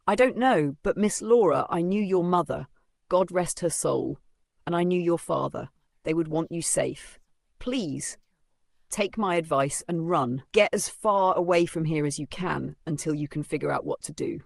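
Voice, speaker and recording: A man's voice: on the high side, normal speed, gravelly, no room sound. A man voicing an older woman, a loyal family maid, pleading urgently in a narrated story. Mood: urgent, fearful.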